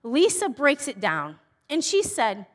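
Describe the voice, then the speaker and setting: A middle-aged woman speaking at a women's church event, telling personal stories earnestly and moving between bright emphasis and hushed, tender softness. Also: high voice, huge pitch swings, a little slow. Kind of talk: personal teaching talk. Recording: long reverb of a large hall.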